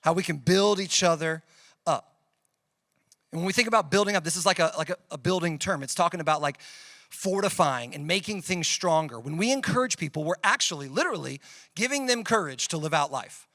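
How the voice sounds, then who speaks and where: A man's voice: a little high, animated, fairly quick, a bit bright, no echo, clean studio sound. A man preaching a youth sermon in a conversational way, telling stories as examples. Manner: conversational, uses storytelling examples. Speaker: youth pastor.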